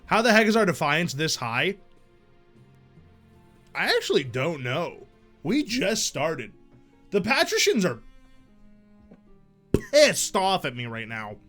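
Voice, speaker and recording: A man streaming a strategy game live, reading event text aloud and reacting with jokes and sudden loud shouts. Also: on the high side, takes it slowly, pauses often, soft background music. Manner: animated, jokey, bursts into loud shouts.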